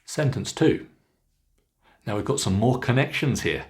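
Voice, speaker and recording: A man with a Southern British accent coaching pronunciation in an unhurried, measured way. His voice sits fairly low, and he draws out each model word clearly with careful emphasis. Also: big pitch swings. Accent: Southern British English. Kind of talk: slow, deliberate pronunciation lesson.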